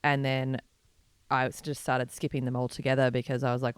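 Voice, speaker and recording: Brief: Australian woman guest, 30s, earnest, smooth flat delivery, dry mic. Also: a bass voice, a little fast, no room sound. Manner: earnest and frank, speaking at length. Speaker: podcast guest. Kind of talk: candid interview conversation.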